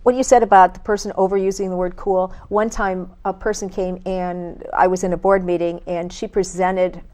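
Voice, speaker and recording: A woman's voice: on the low side, level tone, moderate pace, warm tone. A middle-aged woman hosting a chat with her daughters, prompting them with encouraging questions. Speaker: communication skills consultant and host.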